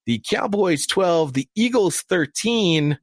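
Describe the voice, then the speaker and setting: A man co-hosts a casual sports podcast with an animated, swinging delivery. He jokes and rants in mock anger. His voice sits dry and close to the mic. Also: sits high, takes it slowly, no echo. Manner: lively, joking, mock-angry rants. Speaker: podcast co-host.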